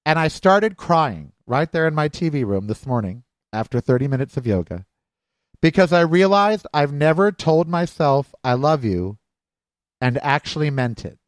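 A man's voice: fairly high pitch, very animated, normal speed, no echo. A middle-aged man hosting his own podcast, talking candidly and emotionally in a rambling personal monologue. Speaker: podcast host.

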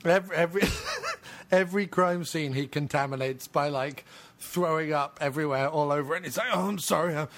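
A man's voice: fairly high pitch, a little fast, fairly bright tone. A man co-hosting a comedy podcast, rambling through silly bits and laughing a lot. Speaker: podcast co-host. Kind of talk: casual comedy chat.

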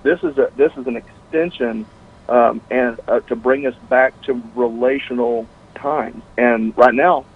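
A man as a guest on a faith talk show, speaking in a casual, halting way with many restarts and fillers. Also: medium pitch, steady tone, slightly rough. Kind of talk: casual conversational interview. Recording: tinny phone-like line.

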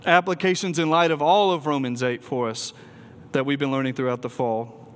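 A man's voice: medium pitch, fairly even intonation, moderate pace, clear, resonant tone. A man preaching a sermon to a student gathering, earnest and emphatic, with occasional ums and restarts. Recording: long hall reverb.

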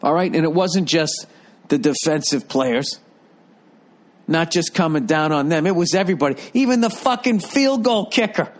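Older guy going off in a swearing rant, kinda high voice, rambling and fed up. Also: animated, moderate pace. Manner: rambling, profane, exasperated. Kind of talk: profane comedic rant.

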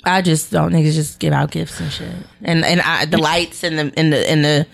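A woman's voice: low voice, steady tone, normal speed, creaky. A woman co-hosting a podcast in casual chat, blunt and profane, who often trails off mid-sentence. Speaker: podcast co-host.

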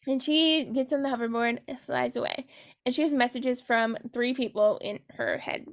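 A woman's voice: a little high, normal speed. A woman hosting a book podcast, recapping a novel in casual chat. She is sarcastic, swears freely and giggles at her own jokes.

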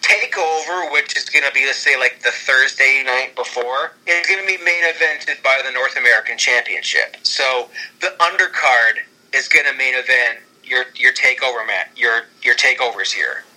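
A man in casual chat, excitedly rambling through an imagined storyline with many restarts. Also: medium pitch, normal speed, few pauses, poor audio. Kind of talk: casual fantasy-booking chat.

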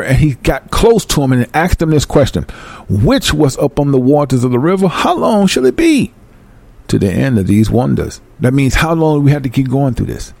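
A man reading scripture aloud and breaking into fervent, emphatic commentary, talking excitedly like a Bible teacher. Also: medium pitch, dry recording. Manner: reads verses then breaks into fervent commentary; emphatic, animated, apologizes for going fast. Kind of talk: excited scripture study talk.

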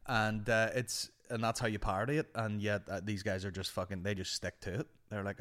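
A man's voice: lowish voice, a little fast, hardly any pauses. A man with a Northern Irish accent hosting a podcast, telling rambling, sweary stories in casual chat. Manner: sweary, rambling, animated anecdotes. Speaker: podcast host.

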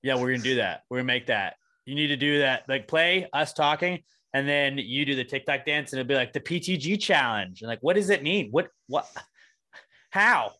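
A man's voice: mid-range voice, animated, fairly quick, bright, forceful tone. A man co-hosting a casual comedy podcast, joking and swearing with sarcastic banter. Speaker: podcast co-host.

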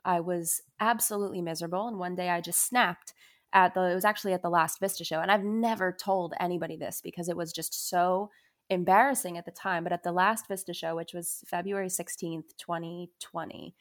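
A woman's voice: on the low side, fairly even intonation, a little fast. A young adult woman, a musician guest in an interview, telling a personal story in a confessional way with lots of "you know" and "like".

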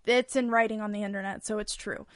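A woman's voice: mid-range voice, fast talker, no echo, studio quality. A woman co-hosting a podcast in casual chat, swearing freely and acting out little voices as she tells the story. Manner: profane, animated, acts out voices. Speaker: podcast co-host.

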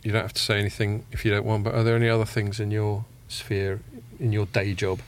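A man hosting a casual podcast, relaxed and steering the conversation. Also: lowish voice, quick pace, background noise. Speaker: podcast host.

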